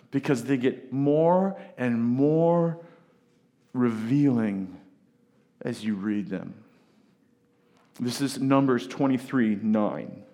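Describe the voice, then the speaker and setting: This sermon comes from a male pastor with a mid-range voice. He retells a scripture story loosely and with energy, peppering it with asides to those listening.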